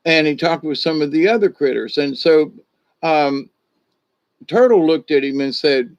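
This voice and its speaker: A man's voice: fairly high pitch, animated, unhurried, no echo. Rambling man telling a folk tale. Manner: rambling, full of "you know" and restarts. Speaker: shaman storyteller. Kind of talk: casual spoken storytelling. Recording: dull lo-fi recording.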